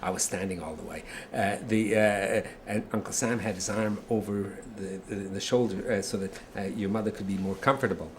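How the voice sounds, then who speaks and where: An older man reminiscing about family, telling stories in a halting way with chuckles. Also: fairly low pitch, a little hiss or hum. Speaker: family storyteller. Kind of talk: casual reminiscing.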